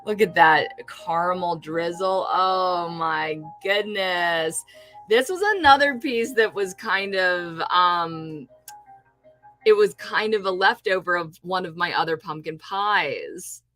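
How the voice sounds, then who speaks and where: With faint music in the background, a lowish, sharp-toned female voice speaks slowly. She is a streamer and fake food artist from California, showing her crafts on a livestream in casual, rambling chatter full of restarts, sounding happy with her work.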